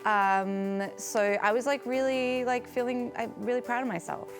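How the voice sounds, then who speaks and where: A woman's voice: a little high, steady tone, a little slow, soft background music. A woman speaking in a hesitant way, full of fillers. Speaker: comedy student.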